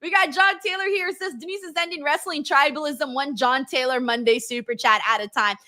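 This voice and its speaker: Bright, high-voiced woman streamer. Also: a little fast. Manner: laughs often, swears casually, reads comments aloud. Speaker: live stream host reading chat. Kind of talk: casual live stream chat.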